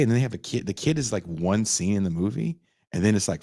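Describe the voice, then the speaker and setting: Animated, foul-mouthed man recapping a movie. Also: medium pitch, brisk, no echo, clean studio sound. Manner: profane, animated storytelling with put-on character voices. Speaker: podcast host. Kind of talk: casual chat, recapping a movie.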